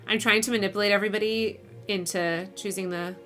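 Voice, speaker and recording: Playful bright-voiced woman streamer. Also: mid-range voice, fairly even intonation, fast talker, soft background music. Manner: playful, reads out options and chat, laughs often. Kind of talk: casual livestream game narration.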